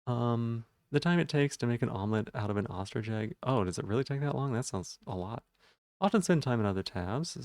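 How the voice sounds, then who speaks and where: Guy rambling on his stream, reads chat out loud n answers, middle pitch, dry close sound. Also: dry recording. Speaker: livestreamer. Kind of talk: casual chat answering viewers.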